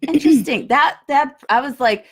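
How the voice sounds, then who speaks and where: A woman in her thirties co-hosting a casual chat, chatty and quick to laugh. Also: high voice. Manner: chatty, reads dating messages aloud with laughs. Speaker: podcast co-host.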